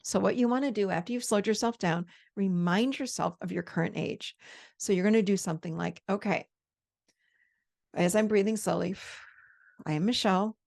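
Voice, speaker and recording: A woman in her fifties giving a conversational coaching talk on handling triggers, slowing down to model calm self-talk. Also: medium pitch, vocal fry. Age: 50s. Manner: conversational, with quoted inner dialogue. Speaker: host.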